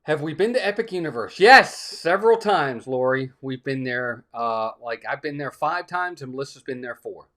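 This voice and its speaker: A man's voice: medium pitch, expressive, normal speed, hardly any pauses, fairly bright tone. Upbeat man hosting a live stream. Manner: upbeat, greets chat viewers by name. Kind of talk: casual live-stream chat.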